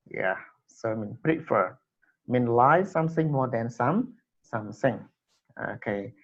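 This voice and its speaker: Slow-talking man teaching English. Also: mid-range voice, animated. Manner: halting, repeats words to drill pronunciation. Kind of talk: classroom English lesson. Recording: dull lo-fi recording.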